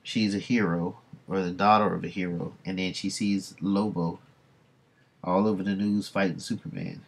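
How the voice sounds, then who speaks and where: A man's voice: low voice, steady tone, moderate pace. A man casually recapping a comic on a livestream, retelling scenes with "she's like". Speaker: comic book reviewer.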